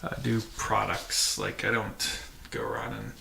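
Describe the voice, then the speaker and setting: Low-ish and level, his unhurried voice carries vocal fry and a sharp tone. He's a channel host for a dirt bike vlog, speaking casually and matter-of-factly to camera with many fillers and restarts, inside an echoey room with faint noise.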